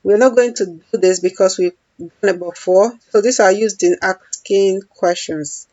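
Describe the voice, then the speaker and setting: Slow, patient woman teaching a language. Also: mid-range voice, dark tone, no echo, dull audio. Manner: patient, repeats each phrase for practice. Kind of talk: slow language lesson with repeated phrases.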